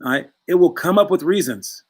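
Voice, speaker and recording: Young male basketball coach, slightly high voice, loose and chatty, drifts into stories. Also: lively intonation, a little fast, darkish tone. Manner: chatty, rambling, acts out voices in quotes. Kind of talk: casual coaching talk to players.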